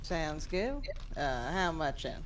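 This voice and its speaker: A woman's voice: low-pitched, sing-song, takes it slowly, recorded from a distance. A woman player in a tabletop game, describing her character's actions playfully.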